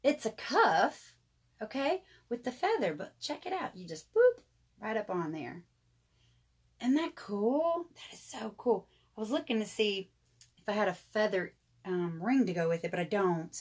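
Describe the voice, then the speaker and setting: A woman's voice: mid-range voice, lively intonation, measured pace, husky. A woman, hosting a casual live jewelry sale and chatting to viewers. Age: 30s. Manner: chatty, addresses viewers as y'all. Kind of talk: casual live sales chat.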